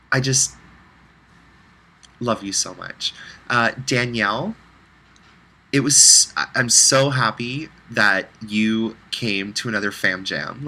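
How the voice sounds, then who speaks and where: Man, very bright voice, heartfelt, rambling, personal video message. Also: medium pitch, low-quality recording. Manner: heartfelt, rambling, fighting back tears.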